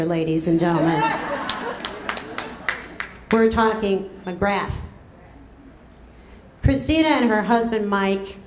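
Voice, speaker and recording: A woman giving a political rally speech as a campaign co-chair, rousing the crowd and drawing out her words. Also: mid-range voice. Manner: rousing, drawn-out delivery with rising calls to the crowd. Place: event room at a cafe, crowd present. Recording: echoey room with crowd murmur.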